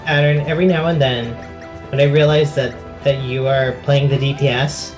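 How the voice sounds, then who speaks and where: A man's voice: medium pitch, fairly even intonation, moderate pace, over music. A man in casual podcast chat, insistent and repeating himself as he makes his point.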